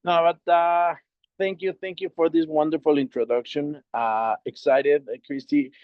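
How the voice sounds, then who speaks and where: A man from Mexico speaking English with a Mexican Spanish accent as a guest on a video call. He is a native Spanish speaker and talks haltingly, repeating words. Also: a little high, steady tone, no room sound. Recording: dry, dull video call audio.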